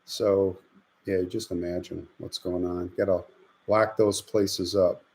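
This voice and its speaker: A man's voice: sits low, slow. Man rambling through a casual story. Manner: rambling, animated anecdote-telling with quoted voices. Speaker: host. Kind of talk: casual live-stream storytelling.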